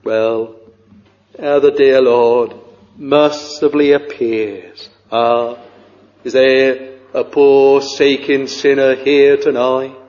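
An older man preaching a sermon with fervent, halting delivery and sing-song rises on scripture. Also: mid-range voice, level tone, darkish tone. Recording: dull, echoey old church recording.

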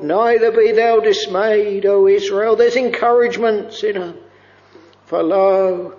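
Male preacher, gravelly and high, slow fervent sermon, muffled lo-fi chapel recording with long reverb. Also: steady tone, a little mellow. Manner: slow, fervent, drawn-out delivery with many "oh"s.

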